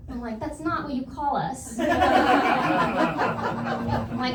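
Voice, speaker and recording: A young woman doing a stand-up comedy set in a club, with a deadpan, self-deprecating delivery. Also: high voice, normal speed, heavy background noise. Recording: echoey club, mic at a distance, loud crowd laughter. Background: audience laughter.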